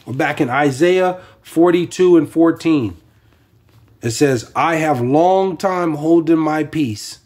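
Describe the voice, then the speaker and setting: Husky-voiced man preaching in a rambling way. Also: fairly high pitch, darkish tone. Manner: rambling, many fillers and restarts, "man" as a tag. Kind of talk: informal sermon on scripture.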